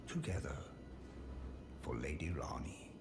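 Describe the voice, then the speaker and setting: A man's voice: animated, a little slow, darkish tone, faint music behind. An actor playing a loyal, solemn, formal male blacksmith in a video game. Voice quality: deep, formal, creepy. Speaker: game character.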